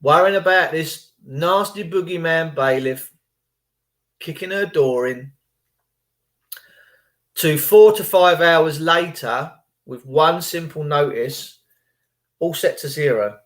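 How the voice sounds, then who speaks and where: A man talks casually to his viewers, rambling and retelling phone calls in reported speech. His voice sits a little high for a man. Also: slow pace, pauses often, fairly bright tone. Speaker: channel host. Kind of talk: casual chat.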